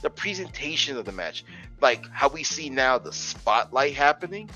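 A man co-hosting a casual wrestling podcast, talking in an animated, profane, joking way. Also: medium pitch, moderate pace, faint music behind. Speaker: podcast co-host.

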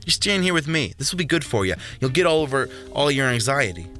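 A snarling, domineering young predator in an audiobook, as a man puts him on. His voice rides high and strained above the narrator's own, bright and forceful, with faint music underneath. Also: big pitch swings, fast talker. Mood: pushy.

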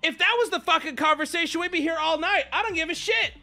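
A man's voice: very high-pitched, fast, gravelly, sharp tone, soft background music. A man streaming live, ranting at his chat in a sarcastic, exasperated and profane way.

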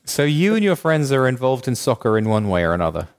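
A man's voice: mid-range voice, big pitch swings, fast talker, a little hiss or hum. A man co-hosting a podcast, chiming in with short, eager interjections and questions. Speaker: podcast co-host. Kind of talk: casual chat.

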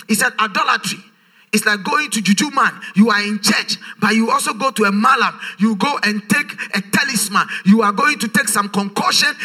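Male pastor, sermon, high voice, piercing bright tone, emphatic sing-song questions. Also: breathy edge.

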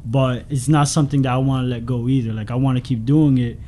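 A man's voice: medium pitch, fairly even intonation, fast talker, mellow, a little hiss or hum. A man from the Bronx, a new stand-up comic guesting on a casual podcast, rambling through his story with crude jokes.

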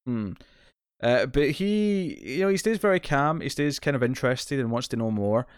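A man's voice: medium pitch, animated, moderate pace, clear, resonant tone, dry recording, clean studio sound. A man co-hosting a podcast, recapping a TV episode in casual chat, full of restarts and fillers. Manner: rambling, many restarts and fillers. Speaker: podcast co-host.

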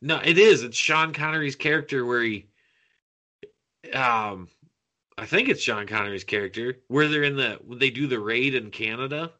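A man's voice: mid-range voice, lively intonation, pushed and bright. A man co-hosting a casual film podcast, speaking hesitantly with many fillers. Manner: hesitant, fills pauses with uh and um. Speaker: podcast co-host. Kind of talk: casual film-discussion chat.

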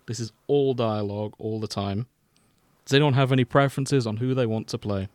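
A man's voice: mid-range voice, fairly even intonation, fairly quick, darkish tone, no echo. An English man hosting a casual podcast chat, easygoing and organizing, often chuckling. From England. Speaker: podcast host.

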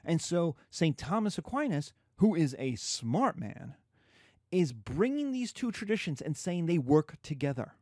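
A man's voice: a little high, unhurried, no echo, studio quality. A man giving a conversational history lecture, acting out scenes as he goes. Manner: animated, conversational, acts out scenes. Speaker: history teacher. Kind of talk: classroom lecture.

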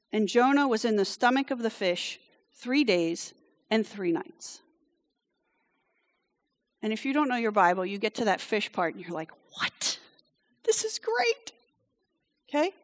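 A woman's voice: mid-range voice, in a large hall. A woman who grew up in France preaches a conversational sermon. She tells the story casually, with wry asides and frequent "okay?" check-ins to her listeners.

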